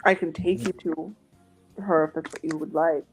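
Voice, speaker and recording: A woman narrating a tabletop game as game master, speaking in a relaxed, unhurried way with many fillers. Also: sits low, poor audio. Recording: faint background music.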